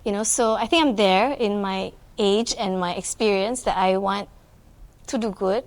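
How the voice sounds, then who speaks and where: A woman's voice: mid-range voice, moderate pace. Malaysian lady talking earnest about her life, lots of "you know", mixes in malay words. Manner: earnest, mixing English with Malay fillers, frequent "you know". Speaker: entrepreneur and guest. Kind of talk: reflective interview chat.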